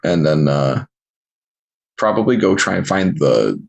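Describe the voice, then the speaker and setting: A man's voice: deep voice, very animated, a little slow, creaky. A laid-back, hesitant man playing his character in a casual tabletop game over an online call. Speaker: player. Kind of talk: casual tabletop role-play.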